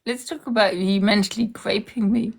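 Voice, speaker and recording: A woman's voice: mid-range voice, steady tone, moderate pace, creaky, breathy edge. A young woman in a heated, confrontational social media rant, repeating herself for emphasis.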